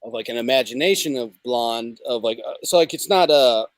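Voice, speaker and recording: A man's voice: medium pitch, fairly quick, no echo. A man hosting a casual comedic livestream, rambling and hesitant, with lots of fillers. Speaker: show host.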